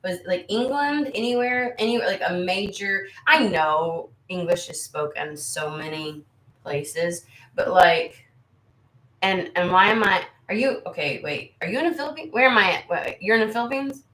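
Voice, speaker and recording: A woman's voice: mid-range voice, moderate pace, fairly bright tone, reverberant. An American woman hosting a tarot channel, chatting casually with viewers in a rambling, candid way and swearing freely. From United States. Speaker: tarot reader and channel host. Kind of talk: casual livestream chat with viewers.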